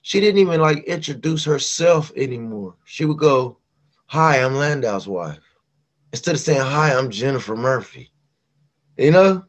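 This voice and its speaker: A man's voice: a little high, normal speed. A middle-aged man from West Virginia, a singer telling stories as a guest in a casual interview and acting out the voices he quotes. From West Virginia, USA. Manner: animated, acts out quoted voices.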